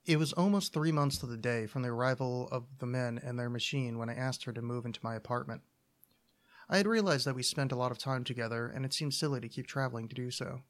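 A man, the podcast's host, reading a short story aloud in a calm, deadpan narration. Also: medium pitch.

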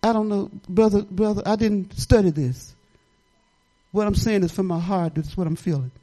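A woman's voice: mid-range voice, normal speed, mellow, low-quality recording. An older woman pastor talks her sermon more than she preaches it. Her delivery is folksy and conversational, wandering into personal stories and asides. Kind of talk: informal testimony sermon.

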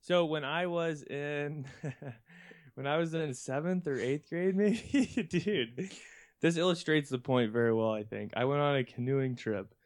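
A man's voice: fairly high pitch, measured pace. Rambling young man telling a story. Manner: rambling, laughs often while talking. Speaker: podcast co-host. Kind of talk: casual chat, anecdote telling.

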